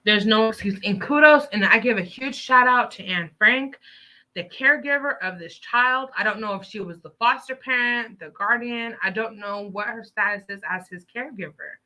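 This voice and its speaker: A woman's voice: on the high side, normal speed, pushed and bright. A woman hosting a live stream, giving heated, emphatic news commentary full of profanity.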